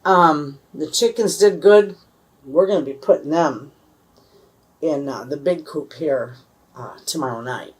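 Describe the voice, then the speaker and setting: A woman's voice: low voice, measured pace, darkish tone, husky. A woman in her fifties with a Michigan accent, chatting casually and rambling in a folksy, homespun way about her homestead. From USA. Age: 50s. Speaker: homesteading vlogger. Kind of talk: casual chat to camera.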